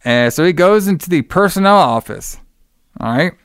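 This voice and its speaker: A man's voice: high voice, expressive, normal speed, smooth, no echo, studio quality. A man in casual chat, retelling a movie plot in a loose, profane, rambling way and laughing often. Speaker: podcast co-host recapping a movie.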